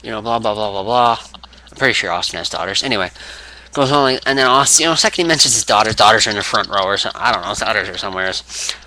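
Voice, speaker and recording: Rambling man with a sharp, bright voice. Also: lowish voice, racing, slight background noise, rough recording. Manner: rambling, laughing, full of fillers. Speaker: video blogger. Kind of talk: casual rambling storytelling.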